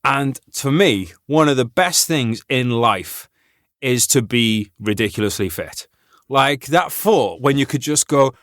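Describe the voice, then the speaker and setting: Swearing, laughing army-veteran host. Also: male voice, medium pitch, expressive, a little slow, a bit bright, dry recording, clean studio sound. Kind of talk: casual chat.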